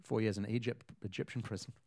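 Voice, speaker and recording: A man's voice: lowish voice, steady tone, normal speed, mellow, no echo. A man, co-hosting a casual chat and rambling with lots of fillers and restarts. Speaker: podcast co-host.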